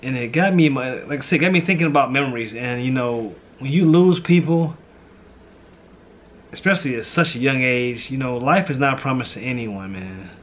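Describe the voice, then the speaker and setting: A man's voice: medium pitch, moderate pace. A man who grew up in St. Louis, a pastor and vlog host, talking heartfelt and reflective in a casual chat, often saying "man" and "you know".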